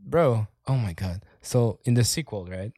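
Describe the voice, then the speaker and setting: A man's voice: on the low side, expressive, unhurried, dark tone, no room sound, studio quality. A man chatting casually as a podcast co-host, rambling, swearing often and laughing as he talks. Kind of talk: casual chat.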